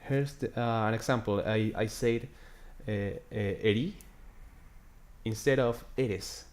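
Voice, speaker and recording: A man from Chile with a Chilean Spanish accent, a native Spanish speaker in a casual video chat, pausing often to search for English words. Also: on the low side. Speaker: language exchange partner. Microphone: video call.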